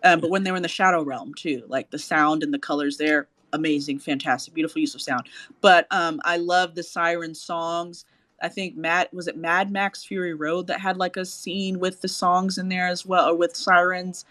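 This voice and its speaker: A man hosting a casual chat, animated and gushing, swearing freely. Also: fairly high pitch, moderate pace, dry recording. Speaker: host.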